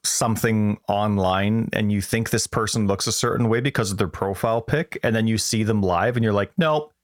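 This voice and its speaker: Low-voiced man, rambling. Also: steady tone, brisk, dry recording, studio quality. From Canada. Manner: rambling, joking storyteller. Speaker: podcast co-host. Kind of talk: casual chat.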